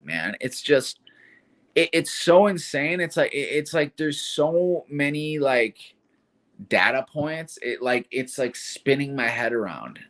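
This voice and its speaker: Slangy, animated male livestreamer. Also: mid-range voice, slow. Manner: casual, slangy, profane, says "man" often. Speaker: YouTube livestreamer. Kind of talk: livestream commentary.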